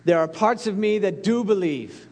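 High-voiced pastor preaching earnestly. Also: male voice, animated, normal speed, darkish tone. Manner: earnest, pleading, rising to intense peaks. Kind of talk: sermon.

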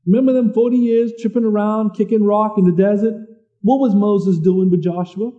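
Male preacher, very high voice, soft dark tone, muffled lo-fi recording, conversational sermon. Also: fairly even intonation. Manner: conversational preaching, repeats words, reads scripture slowly.

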